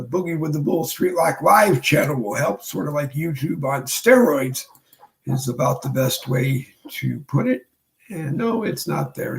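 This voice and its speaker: A man hosting his own livestream show, talking casually and rambling with many pauses from his home studio desk. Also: a little high, gravelly, poor audio. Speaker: show host.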